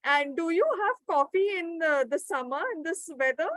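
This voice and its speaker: A woman's voice: high voice, moderate pace, a bit bright, no echo, low-quality recording. A woman running a live webinar, reading out participants' answers and encouraging them. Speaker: webinar trainer. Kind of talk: live online teaching session.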